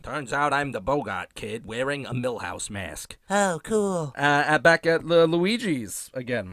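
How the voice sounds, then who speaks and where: A man hosting a comedic episode recap, sarcastic and profane with deadpan asides. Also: on the high side, a little slow, hardly any pauses, no room sound, studio quality. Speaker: host.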